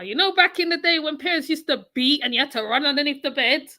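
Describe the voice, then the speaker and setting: A woman's voice: high voice, fast talker, pushed and bright. A woman with a West Indian accent giving mocking reaction commentary, scolding and repeating her phrases for emphasis. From West Indies. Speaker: channel host.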